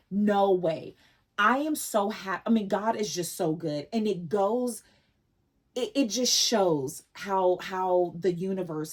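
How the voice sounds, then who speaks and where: A woman in her forties talking casually to her viewers in a vlog, emotional and effusive, often repeating words as she goes. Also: medium pitch. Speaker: vlogger.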